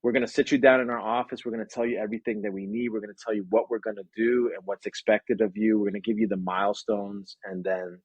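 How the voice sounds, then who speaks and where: A man answering interview questions about his business, energetic and lively, acting out quotes and sound effects. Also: lowish voice, fast talker, hardly any pauses, slightly rough, no room sound. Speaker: branding agency owner.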